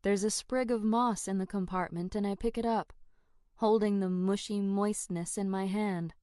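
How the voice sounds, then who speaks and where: A woman narrating a first-person fantasy audiobook in an expressive, dramatic way. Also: medium pitch, moderate pace, dry recording, clean studio sound.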